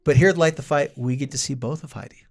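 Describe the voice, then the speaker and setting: A man co-hosting a parenting podcast in casual chat, talking in a lively way and acting out what parents and kids say, with jokey asides. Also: medium pitch, fast. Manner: animated, acts out parents and kids in quoted voices. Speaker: podcast co-host, parenting therapist.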